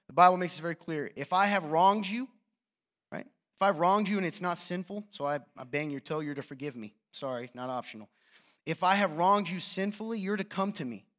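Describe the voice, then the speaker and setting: A man preaching a sermon to a room as a youth pastor, passionate and animated, with joking, self-mocking asides. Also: sits high. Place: church hall with an audience.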